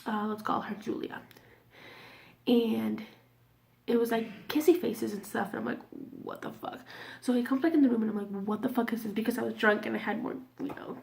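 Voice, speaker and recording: A woman's voice: on the high side, vocal fry, a little mellow. A woman in her twenties telling a personal story to camera in a casual, candid way, swearing freely and sometimes dropping almost to a whisper. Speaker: vlogger.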